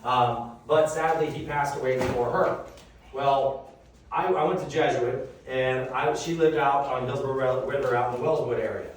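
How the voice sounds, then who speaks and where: A man's voice: mid-range voice, moderate pace. Man, seminar presenter, casual storytelling, distant mic, big echo, faint hum. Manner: animated, conversational, swears casually. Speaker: reverse mortgage presenter. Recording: echoey room from a distant mic.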